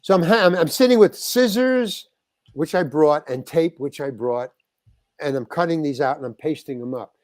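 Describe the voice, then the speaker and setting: A man's voice: a little high, expressive, normal speed, a little mellow, dry recording. An older man, a guest actor, telling a rambling anecdote in an interview, stopping and restarting as he acts out the exchanges he quotes.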